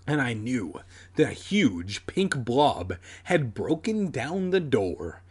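A man's voice: mid-range voice, very animated, takes it slowly, slightly rough. A young man reading a children's horror book aloud with sardonic, crude comic asides. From San Diego area.

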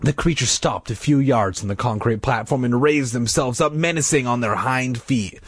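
A man's voice: mid-range voice, moderate pace, breathy edge, no echo. A man casually reading a spooky children's book aloud, dramatizing it and slipping in joking asides. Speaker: reader.

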